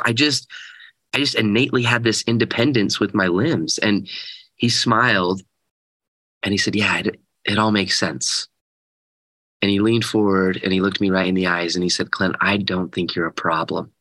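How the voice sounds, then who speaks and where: A man in his thirties, a guest telling a personal story in an earnest, animated way and acting out the quotes. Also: sits low, no echo, low-quality recording. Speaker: guest speaker. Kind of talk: storytelling in an interview.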